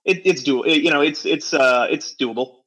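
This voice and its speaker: Midwestern American man, bright forceful tone, wry hedging co-host. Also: a little high, normal speed. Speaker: podcast co-host. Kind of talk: casual podcast chat.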